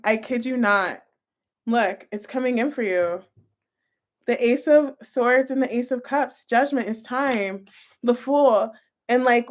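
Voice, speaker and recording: A young woman with a high voice gives a casual tarot reading. She talks in a gushing, chatty way, speaking straight to her viewers. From United States. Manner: gushing, chatty, full of "like" and "you guys". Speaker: tarot reader.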